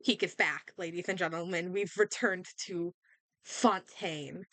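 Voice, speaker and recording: A young woman hosting a casual reaction video, excitable and rambling, with lots of fillers and restarts, a little sick. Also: fairly low pitch, unhurried. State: slightly sick. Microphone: desk microphone.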